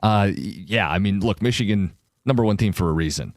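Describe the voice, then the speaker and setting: A man's voice: fairly low pitch, fairly quick, no echo, clean studio sound. A man hosting sports talk radio, confident and opinionated as he argues his picks.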